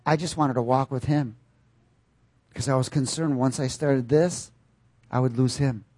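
Delivering a lively sermon, a man calls out questions to the congregation and now and then breaks into loud outbursts. He speaks in a mid-range voice at an unhurried pace, and there's no echo.

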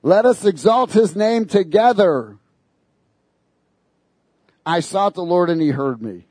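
A man preaching in an animated, sarcastic way, breaking into little laughs between his points. His voice sits fairly high for a man. The sound is dry and close, with no room around it. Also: slow pace, slightly rough, no room sound. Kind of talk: sermon.

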